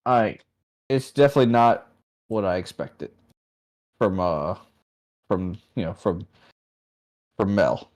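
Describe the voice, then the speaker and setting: A man with a somewhat low voice in a casual podcast chat. He is easygoing and unhurried, and he hedges his opinions with filler words. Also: lively intonation, darkish tone. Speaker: podcast co-host.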